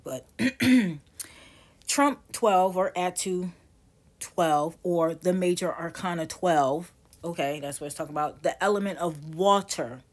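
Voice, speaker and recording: A woman in her forties teaching tarot casually, rambling and correcting herself as she goes. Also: on the low side. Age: 40s. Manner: rambling, self-correcting, chatty.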